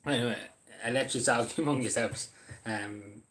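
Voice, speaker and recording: A man's voice: mid-range voice, moderate pace, fairly bright tone. A man chatting casually on a livestream, hesitant and apologetic, with many fillers, eating while he talks.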